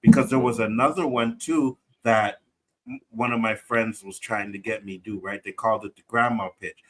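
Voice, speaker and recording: A man's voice: fairly low pitch, fairly even intonation, normal speed, poor audio. A man co-hosting a casual panel chat, telling a personal story and often checking in with "right?". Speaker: podcast co-host.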